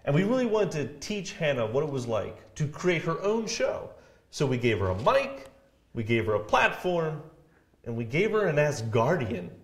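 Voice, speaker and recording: A man's voice: fairly high pitch, moderate pace. A man co-hosting a local TV live show, chatting casually and teasing his co-hosts, recorded in an echoey room. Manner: joking, animated, teasing. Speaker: co-host of a county TV live show.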